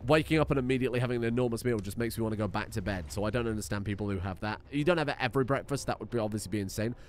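A man's voice: lowish voice, very fast, a little hiss or hum. A man giving casual, jokey, rambling gameplay commentary as a streamer, swearing freely.

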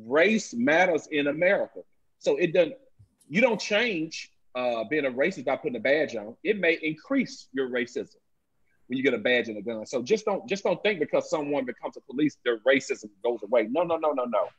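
A man's voice: medium pitch, expressive, normal speed, breathy edge. A man who is a police officer, speaking as a guest on a panel discussion. He tells stories emphatically and often repeats his phrases. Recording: dull lo-fi audio.

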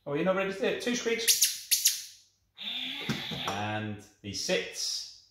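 A man's voice: fairly high pitch, sing-song, normal speed. A man reviewing a toy, talking it through in a coaxing sing-song and praising it as he shows each feature. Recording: echoey room with clear background noise.

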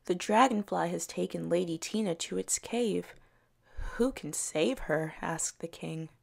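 Woman educator, children's story time reader: slow, gravelly, expressive. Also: lowish voice. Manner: slow, expressive read-aloud with soft character voices. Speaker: early years educator.

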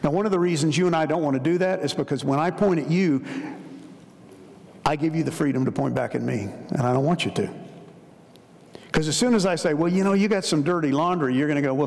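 A middle-aged male pastor delivers a sermon in a conversational, storytelling manner, pressing hard on his key points. His voice sits a little high, with a gravelly fry. Long reverb from a large church hall trails after his words. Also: fairly quick, a little mellow. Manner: conversational storytelling preacher, emphatic.

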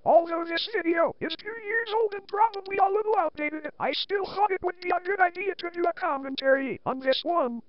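A synthetic text-to-speech woman's voice reading out a commentary with flat, mocking remarks. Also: very high-pitched, brisk, few pauses, muffled recording. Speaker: commentary host.

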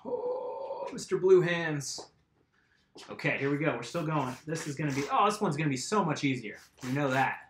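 A man's voice: on the high side, lively intonation, quick pace, few pauses, a bit bright, a little hiss or hum. Chatty man live-streaming, roomy sound. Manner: chatty and rambling, answers viewers' comments. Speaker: mountain bike vlogger. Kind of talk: casual live-stream chat while doing bike maintenance. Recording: roomy echo.

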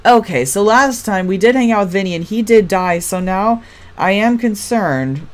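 A woman's voice: medium pitch, animated, normal speed. A woman streaming a game, reacting with sassy, swearing casual commentary.

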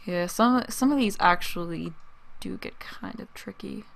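A woman's voice: mid-range voice, measured pace, gravelly. A woman casually commentating her life-simulation gameplay, chatting to viewers and breaking into fits of laughter. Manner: chatty, giggly, talks to viewers. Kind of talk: casual let's-play commentary.

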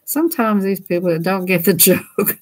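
A woman with a drawl chats away as she colors, giggling often. Her talk is playful and loose, and she keeps breaking into goofy voices. Her voice sits at an ordinary middle pitch for a woman. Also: moderate pace. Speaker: coloring channel host. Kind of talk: casual chat while coloring.

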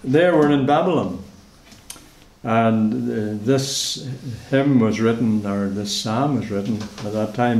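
A male preacher delivers a sermon in a measured way, often repeating a phrase to press it home. His voice sits in a middle pitch, and the church hall around him gives it a roomy echo. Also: expressive, a little mellow. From Northern Ireland.

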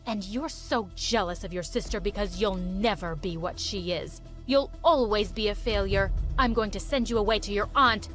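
A woman voicing a harsh, cruel mother in an animated story video, scolding her daughter in a cold, cutting way. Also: mid-range voice, normal speed, hardly any pauses, faint music behind, lightly acted. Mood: scornful.

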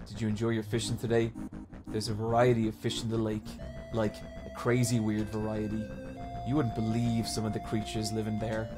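A man voicing a soft-spoken, vaguely sinister male fishing shop owner with a low, hushed drawl. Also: lightly acted.

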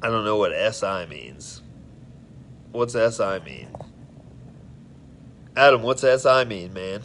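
Laid-back low-voiced man chatting. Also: lively intonation, slow, a bit bright, a little hiss or hum. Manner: rambling, friendly, tipsy storytelling. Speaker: live-stream host. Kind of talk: casual live-stream chat with viewers.

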